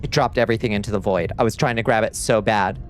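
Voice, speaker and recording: A livestream host talks fast in a voice on the low side, with background noise behind him. He keeps up excitable, casual gameplay commentary, chats with his viewers, and yells and swears when things frustrate him.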